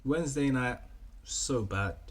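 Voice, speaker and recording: A man's voice: medium pitch, measured pace. A young man telling a rambling, casual story, often repeating himself and saying "you know what I mean.". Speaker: vlogger.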